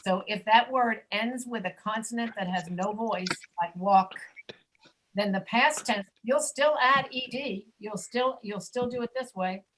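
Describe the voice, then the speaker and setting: A woman teaching an online pronunciation class, stretching out words slowly to model each sound. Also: on the high side, a bit bright, slight background noise, rough recording. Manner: slow, drawn-out modeling of sounds. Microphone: video call.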